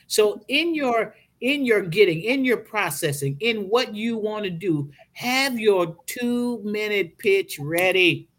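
Slow but with hardly any pauses, a middle-aged woman with a Southern American accent speaks in a mid-range voice as a podcast guest. Her manner is casual, motivational, and preacherly, and she expressively acts out quoted speech.

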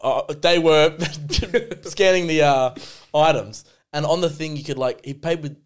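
A man's voice: fairly high pitch, measured pace. A young Australian man co-hosting a podcast in casual chat, swearing freely and acting out quotes in a raised voice. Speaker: podcast co-host.

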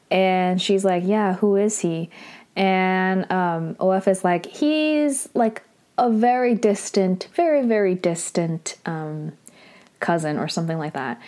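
A young adult woman giving a casual, chatty recap of a TV drama episode. She fills her talk with "like" and breaks into excited outbursts. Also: medium pitch.

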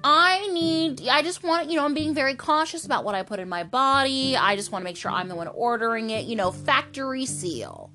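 A woman's voice: high voice, animated, fairly quick, hardly any pauses, bright, forceful tone, soft background music, pitched above the performer's own voice. A woman quoting a cautious woman who insists on ordering her own supplies. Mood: insistent. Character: cautious woman recovering in hospital.

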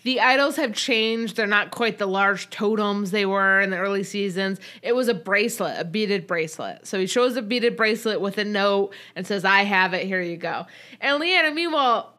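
A woman's voice: medium pitch, moderate pace, few pauses, bright, forceful tone. A woman co-hosting a podcast, casually recapping a reality show and acting out quoted lines with animation. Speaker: podcast co-host.

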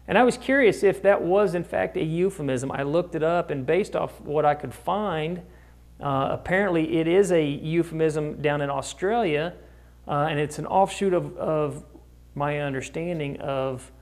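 A man's voice: fairly high pitch, a little mellow. A man preaching a conversational sermon, often asking his listeners rhetorical questions. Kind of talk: sermon teaching.

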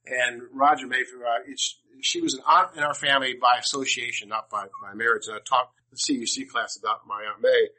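A man's voice: mid-range voice, steady tone, a little fast, few pauses, pushed and bright, rough recording. An older man from Washington, D.C., telling personal stories to a class in a rambling, humorous way, often restarting his sentences. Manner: rambling, self-interrupting, humorous. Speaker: speaker to a class. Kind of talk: personal storytelling talk.

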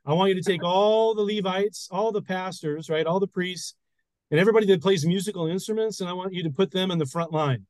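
A man's voice: high-pitched, fairly quick, darkish tone, no room sound, voice pushed up, natural voice, poor audio. A man voicing the Lord, a male divine voice giving battle orders, in a put-on accent. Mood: commanding. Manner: put-on accent, confident and commanding.

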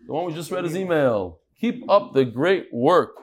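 A man leads a live Talmud class, his voice pitched a little high for a man. He talks in a chatty way, makes asides and jokes to the people in the room, and drops Hebrew and Yiddish terms into his English. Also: expressive, normal speed, hardly any pauses.

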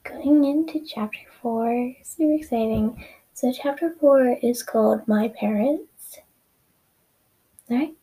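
A woman's voice: on the high side, takes it slowly, dark tone, slightly rough, rough recording. A young woman casually reading her own story aloud, often correcting herself and dropping into whispered asides. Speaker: reader of her own fan fiction.

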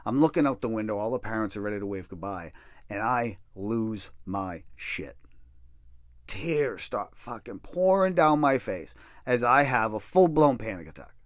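A middle-aged man spins a long personal story in casual, profane speech. His pitch rises and falls a lot as he talks. The sound is dry and close, with no room around him. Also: normal speed, no echo. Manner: profane, self-deprecating, animated storytelling.

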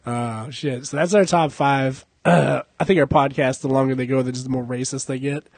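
A man's voice: mid-range voice, fairly even intonation, moderate pace, vocal fry, a little mellow, husky, dry recording. A young adult man hosting a casual podcast, joking, cursing and laughing a lot. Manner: profane, joking, laughs often. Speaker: podcast host.

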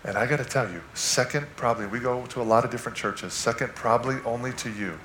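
Animated male preacher in an echoey church. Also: medium pitch, fast, slight background noise. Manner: animated storytelling, swings from loud to hushed. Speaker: guest preacher. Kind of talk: sermon with personal story. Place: church sanctuary.

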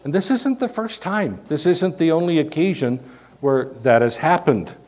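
A man with a Canadian accent, a pastor preaching a sermon full of rhetorical questions and sudden swings in loudness. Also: a little high, expressive, moderate pace.

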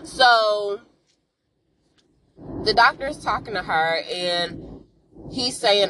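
A woman talks through a TV episode like she's catching up a friend, tossing in sassy asides and calling out to her listeners. Her voice sits at an everyday middle pitch. She keeps it loose and conversational from start to finish. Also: takes it slowly, long pauses, a bit bright, a little hiss or hum, low-quality recording. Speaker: podcast host. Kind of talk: casual TV episode recap.

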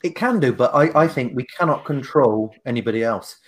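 A man's voice: mid-range voice, expressive, a little fast. Reflective man chatting on a podcast. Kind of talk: casual podcast chat.

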